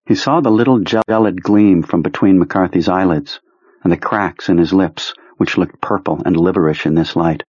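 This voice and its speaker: A man narrating an audiobook in a measured, low-key storytelling manner. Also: darkish tone, slightly rough, no echo. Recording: dry, slightly muffled recording.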